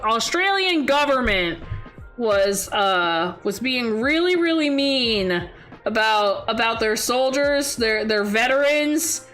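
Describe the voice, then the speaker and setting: Young woman streamer, slightly high voice, rambling casual chat, giggly, faint music underneath. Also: fairly bright tone.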